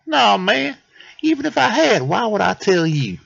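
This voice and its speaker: A man's voice: high voice, very animated, normal speed, vocal fry, a bit bright, breathy edge, voice pushed up, exaggerated voice. A man voicing a cocky, dismissive young male squirrel who talks in slang. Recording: dull dry lo-fi mic.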